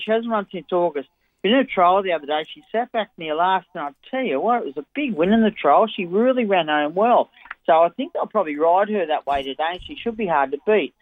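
A man's voice: high voice, dry recording. A man with an Australian accent giving chatty, enthusiastic racing tips on radio. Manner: chatty, enthusiastic form analysis. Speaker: racing tipster. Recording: tinny phone-line audio.

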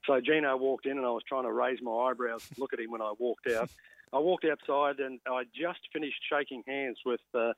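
Brief: quick Australian male radio guest, animated storyteller, dull dry lo-fi line. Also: medium pitch, no room sound. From Queensland, Australia. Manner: lively, animated retelling with quoted dialogue. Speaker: guest, former rugby league player. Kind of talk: storytelling anecdote in a radio interview.

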